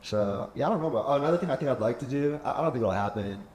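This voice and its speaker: A podcast host talks very fast in a mid-range, darkish voice with lively intonation, telling rambling stories and playing out other people's words. The casual chat takes place in a penthouse apartment. The room sounds echoey, with a low hum behind it.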